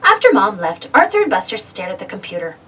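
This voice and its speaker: A woman narrating a children's storybook aloud, expressive, with a distant mic. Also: mid-range voice, fast, breathy edge. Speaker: storybook reader.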